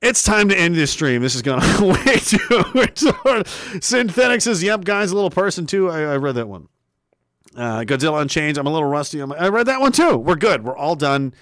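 A man's voice: fairly high pitch, big pitch swings, moderate pace, a bit bright, dry recording, studio quality. A man hosting a casual live stream, reacting to chat with laughter, swearing and trailing mutters. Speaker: livestreamer.

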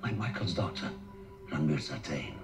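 An actor playing a calm psychiatrist who studies a killer, with a very deep, softly accented voice. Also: male voice, normal speed, creaky, over music, exaggerated voice. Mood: measured. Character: calm, measured male psychiatrist studying a killer. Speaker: doctor character in a horror film. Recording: film audio with score underneath.

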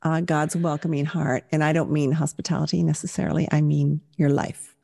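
Older woman host, lowish voice, encouraging faith interviewer. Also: flat delivery, a little fast, vocal fry, mellow. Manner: encouraging, affirming. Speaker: podcast host.

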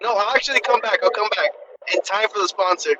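A man's voice: high voice, fast, muffled recording, a crowd in the background. A man calling in to a podcast from his car, joking around and stumbling when put on the spot. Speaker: caller joining while driving. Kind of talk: casual podcast banter.

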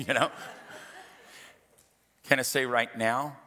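A man's voice: medium pitch, fairly even intonation, a little slow, long pauses, sharp tone. A middle-aged man preaching a sermon as pastor, emphatic and repetitive, with humorous asides. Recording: long reverb of a large hall.

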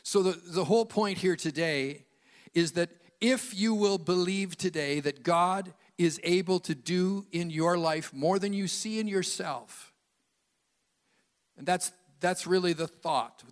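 Guy preaching in a big echoey church, kinda high voice, acts out the bible characters. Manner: acts out biblical dialogue in varied voices. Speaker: pastor. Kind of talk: sermon. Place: church sanctuary. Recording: long hall reverb.

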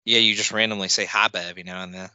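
Bright-voiced teasing man. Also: lowish voice, little pitch movement, quick pace, smooth, no room sound, muffled recording. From American South. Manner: laughs often, teasing. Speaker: podcast co-host. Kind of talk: casual chat watching wrestling.

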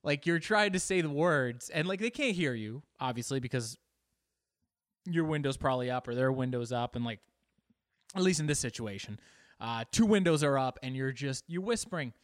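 A man's voice: mid-range voice, expressive, normal speed, no echo, studio quality. A man hosting his own podcast alone, rambling casually about himself in a self-deprecating way and swearing freely. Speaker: podcast host. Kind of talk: casual solo podcast monologue.

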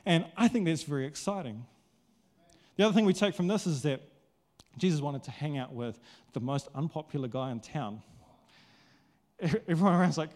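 A male pastor preaching a sermon in a casual, conversational, animated way, acting out quotes. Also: a little high, moderate pace, pauses often.

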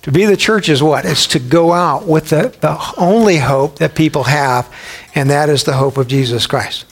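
A man's voice: on the high side, normal speed, husky. Emphatic male pastor preaching a sermon. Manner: emphatic, peppered with rhetorical questions.

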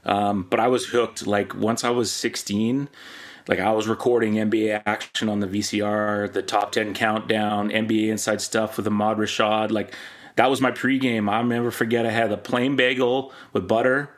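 A middle-aged man from Canada speaks in a fairly low voice. He tells loose, animated stories full of fillers and restarts, as a podcast host taking the guest seat. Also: normal speed. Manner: rambling, animated anecdotes with many fillers. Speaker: podcast host being interviewed. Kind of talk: casual storytelling interview.

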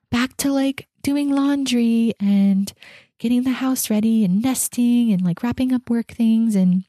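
A woman's voice: lowish voice, mellow, dry recording, studio quality. A pregnant woman in her thirties hosting a podcast, talking candidly and casually about her week, with frequent laughs and restarts. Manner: candid, chatty, laughs often, many fillers and restarts. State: heavily pregnant. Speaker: podcast host. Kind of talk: casual personal reflection.

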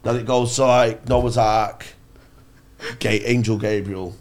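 A man's voice: on the low side, slow, a little hiss or hum. A man, co-hosting a podcast, telling a rambling comic story full of swearing and acted-out voices. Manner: sweary, animated, acts out voices. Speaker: podcast co-host.

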